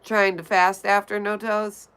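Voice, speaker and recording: A woman on a livestream works through her chat, reading messages out and answering them in a blunt, offhand way. Her voice is smooth and clean, sitting in a middle register. She pauses now and then to vape between remarks. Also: medium pitch, flat delivery, a bit bright. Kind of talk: casual chat reading viewer comments.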